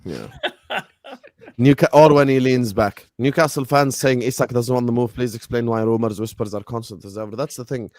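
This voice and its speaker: A man's voice: mid-range voice, normal speed, a little mellow, no echo, clean studio sound. A man hosting a casual podcast chat, loose and filler-heavy, full of slang. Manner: laid-back British slang, filler-heavy. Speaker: host.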